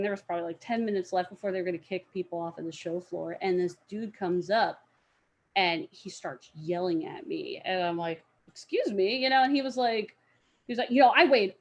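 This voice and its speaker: A young woman telling a story as an interview guest, acting out the quoted people with loud outbursts and laughter. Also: medium pitch.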